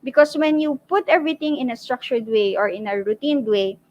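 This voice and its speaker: A woman's voice: a little high, lively intonation, a little fast, darkish tone, highs cut off. Filipino woman giving a parenting talk. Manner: frequent "okay?" check-ins, switching into Tagalog. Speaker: parenting seminar speaker.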